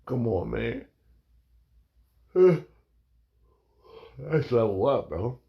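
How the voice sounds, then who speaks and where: A man's voice: mid-range voice, big pitch swings, extremely slow, vocal fry, dull audio. A man preaching in a rambling, emphatic way, reading scripture and calling his listeners "man" and "bro". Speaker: informal preacher.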